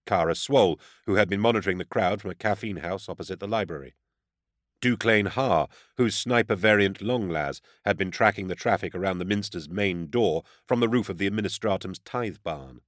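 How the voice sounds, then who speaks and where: A man reads a first-person audiobook in a steady, even manner. His voice sits low, and the recording is dry and close with no room sound. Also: fairly quick, no room sound. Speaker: audiobook narrator.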